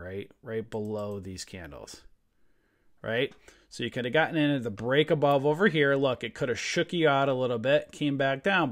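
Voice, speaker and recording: A man hosting a live trading lesson over a screen share, blunt and fired up, talking casually with mild swearing at a desk mic. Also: mid-range voice. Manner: fired-up, ranting, emphatic. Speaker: trading room host.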